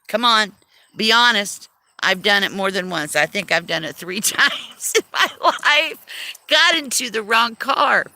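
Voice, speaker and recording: A woman's voice: medium pitch, expressive, unhurried, sharp tone. A woman chatting casually on a livestream, self-deprecating and laughing often as she talks. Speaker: livestream host.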